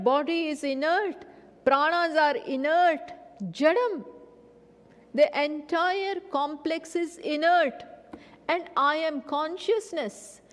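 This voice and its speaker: A woman teaching Vedanta in a spiritual lecture. She asks rhetorical questions, answers them herself and repeats key phrases deliberately. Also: high voice. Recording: long hall reverb.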